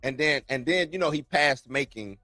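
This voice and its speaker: A man co-hosting a podcast in casual chat, expressive and exasperated, using slang. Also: on the high side, moderate pace, no echo, studio quality, faint music behind. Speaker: podcast co-host.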